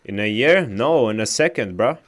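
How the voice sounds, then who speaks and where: A man streaming a game live, chatting casually with his chat, swearing often and reacting loudly to what he reads. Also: fairly low pitch, lively intonation, normal speed.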